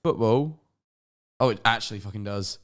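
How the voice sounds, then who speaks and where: A man's voice: on the low side, moderate pace, fairly bright tone. A British man chatting casually as a guest, swearing a lot. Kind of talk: casual chat.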